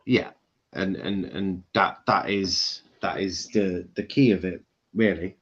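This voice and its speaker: A man's voice: sits low, fairly even intonation, takes it slowly, husky, highs cut off. Man hosting a football chat. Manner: chatty, swearing, mimics frustrated shouting. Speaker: football channel host. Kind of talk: casual football match reaction chat.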